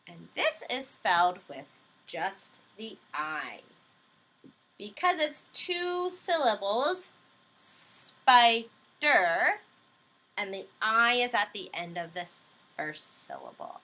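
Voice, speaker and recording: Bright, slow-spoken woman teaching phonics. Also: mid-range voice, very animated. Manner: slow, patient, encouraging, stretches out words and letters. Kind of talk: phonics lesson for young children.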